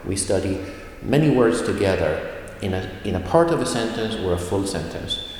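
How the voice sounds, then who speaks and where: A man teaching a language video lesson, explaining slowly and carefully and modeling example sentences aloud. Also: on the low side, animated, a little mellow, slight background noise. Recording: very echoey room with long reverb.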